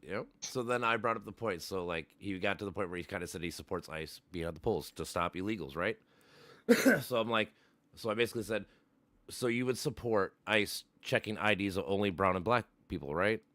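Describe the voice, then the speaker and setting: Hosting a livestream, this man has a voice on the low side and a brisk delivery, captured in a dry recording. He swears freely and gets animated while recounting an argument, playing both parties himself.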